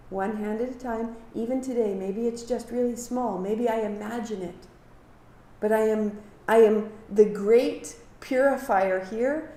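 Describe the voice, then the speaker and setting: A woman teaching a live kundalini yoga class, giving calm movement cues and sharing earnest reflections. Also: medium pitch. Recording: echoey room.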